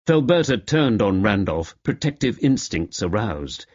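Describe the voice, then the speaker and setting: A male audiobook narrator with a mid-range voice and a very lively, varied delivery that carries a wry edge. The recording is slightly dull and lo-fi. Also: on the low side, normal speed, no echo. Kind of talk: scripted narration.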